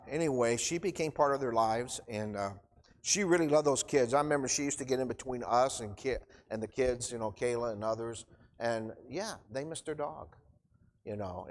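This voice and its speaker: A middle-aged man giving an informal, emotional sermon in church, choked up and rambling with restarts. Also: mid-range voice. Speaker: preacher. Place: church hall. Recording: long church reverb.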